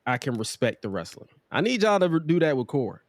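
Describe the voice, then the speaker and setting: A man's voice: on the high side, big pitch swings, fast, no room sound. Laid-back slangy man, dry close sound. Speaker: podcast host. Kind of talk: casual wrestling chat.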